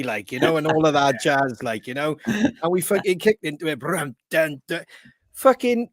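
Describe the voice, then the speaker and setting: A man's voice: on the high side, normal speed. Swearing man telling stories. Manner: swears constantly, animated storyteller. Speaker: podcast host. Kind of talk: casual chat. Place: home studio on a live video stream.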